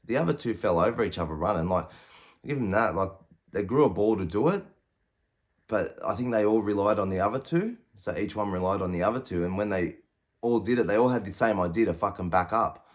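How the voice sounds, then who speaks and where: Aussie guy in his 30s, kinda low voice, swears nonstop, tells it raw and blunt. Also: animated, brisk. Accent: Australian. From Australia. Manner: blunt, heavy swearing, quotes himself and others in raised voices. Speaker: former prisoner telling his story. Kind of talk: casual storytelling.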